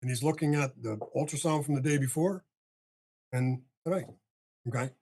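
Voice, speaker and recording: Husky older man telling a story. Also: mid-range voice, normal speed. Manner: animated storyteller, acts out dialogue, swears casually. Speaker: podcast guest. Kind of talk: storytelling in a casual interview.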